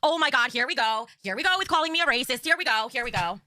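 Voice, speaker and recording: A woman hosting a livestream show, bantering brashly with viewers in a loud, theatrical and profane way. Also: high voice, expressive, fast. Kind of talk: brash live-stream banter.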